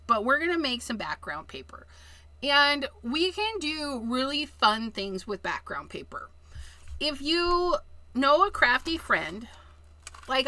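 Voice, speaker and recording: A woman with a slightly high, bright, tense voice talks slowly through a card-making live stream. She is chatty and giggly, and keeps calling her viewers "you guys" while she works. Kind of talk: casual live-stream craft demo.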